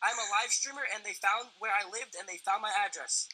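Panicked young man, rapid husky voice. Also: high-pitched, poor audio. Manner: panicked, cursing, shouting orders. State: terrified. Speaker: live streamer. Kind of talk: frantic livestream chatter.

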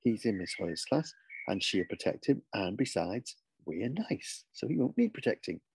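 A man putting on a brisk firm schoolteacher woman. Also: fairly low pitch, sing-song, slight background noise, rough recording.

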